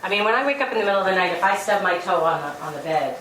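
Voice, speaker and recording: An earnest woman gives a spiritual talk, her voice set a little low and picked up from some distance. The room is echoey, with a faint hum of ambience behind her. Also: animated, rapid-fire, a bit bright. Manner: earnest and storytelling, with light laughs. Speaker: spiritual speaker. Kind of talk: inspirational talk to a gathering. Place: meeting room. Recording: roomy hall, distant mic, faint ambience.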